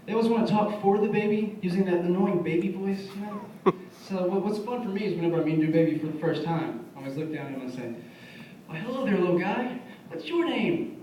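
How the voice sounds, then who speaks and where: A man's voice: sits high, fast, mellow, a little hiss or hum. Young male comic in an echoey club. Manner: conversational storytelling, acts out friends' quotes. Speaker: stand-up comedian. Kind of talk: stand-up comedy set. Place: bar music venue. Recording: echoey, distant room mic. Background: audience laughter.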